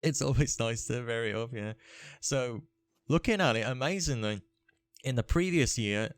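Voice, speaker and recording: A man's voice: medium pitch, normal speed, no room sound. A man hosting a casual gaming podcast, chatting and rambling with restarts. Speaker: podcast host. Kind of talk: casual chat.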